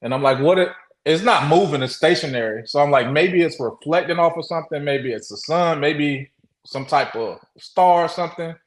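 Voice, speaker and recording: A man guest telling a story in casual talk. He speaks haltingly, with many restarts, and acts out the quotes. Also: a little high, roomy sound, low-quality recording. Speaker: interview guest.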